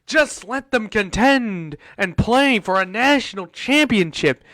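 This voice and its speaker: Guy hosting a sports show, fired up and ranting, says stuff over and over, pretty high voice. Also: lively intonation, measured pace, fairly bright tone, no room sound. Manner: exasperated ranting, repeats himself. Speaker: host. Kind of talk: casual sports talk show.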